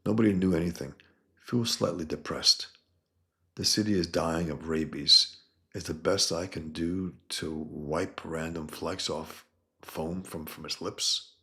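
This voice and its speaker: A man voicing a grim masked male vigilante in clipped, deadpan sentences. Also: low voice, unhurried, vocal fry, heavily acted. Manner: terse clipped deadpan reading.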